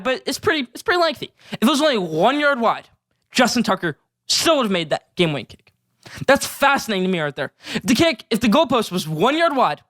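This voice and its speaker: Fast-talking high-voiced young man hosting sports. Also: a bit bright, dry recording, studio quality. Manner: hyped, emphatic, repeats his points. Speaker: sports podcast host. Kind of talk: solo sports talk segments.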